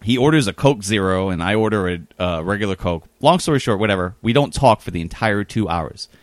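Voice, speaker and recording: Fairly quick and on the low side, a man's voice carries a long, winding anecdote in a casual chat. The recording is dry, and he's animated, using plenty of fillers and quoted dialogue.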